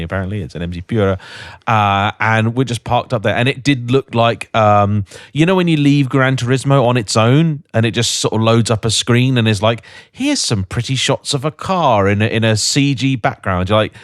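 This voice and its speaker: A man chats on a car podcast, spinning lively anecdotes. His voice sits on the low side. The sound is dry and close, with no room echo. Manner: chatty storyteller, lively anecdotes. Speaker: podcast host. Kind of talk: casual chat.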